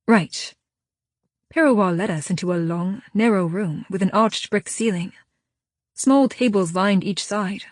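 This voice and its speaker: A woman reading a paranormal romance audiobook in first person, with even, unhurried storytelling. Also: medium pitch, no room sound, clean studio sound. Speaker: audiobook narrator. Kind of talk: scripted first-person narration.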